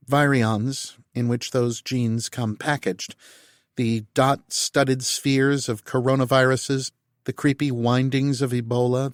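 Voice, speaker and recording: A female scientist walks her listeners through how viruses work, as a male narrator reads her. The explanation is patient and lecture-like, at a middling pitch. The sound is close and dry, with no room echo. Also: natural voice. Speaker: narrator voicing character.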